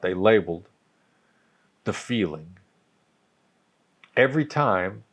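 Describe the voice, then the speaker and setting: Older man, low voice, measured coach-style explainer, repeats phrases as he thinks. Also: dull audio. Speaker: guest, negotiation coach. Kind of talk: conversational explaining.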